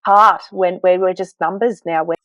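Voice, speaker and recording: A woman, a health coach, telling her story to a podcast host in an earnest, animated way, with self-deprecating asides. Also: fairly low pitch, normal speed, no echo. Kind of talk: conversational storytelling. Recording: dull, dry sound.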